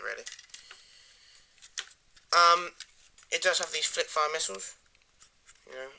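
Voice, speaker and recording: A man giving a rambling, enthusiastic casual toy review that often trails off into quiet mumbles. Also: on the high side.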